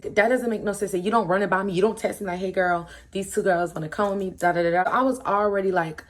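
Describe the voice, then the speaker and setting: A woman's voice: fast, hardly any pauses. A young woman tells a story in a loose, chatty way. She sounds exasperated, her voice jumping up whenever she acts out what people said. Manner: animated, exasperated, acts out quotes with swings in pitch. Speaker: storytime vlogger. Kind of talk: casual storytelling to camera.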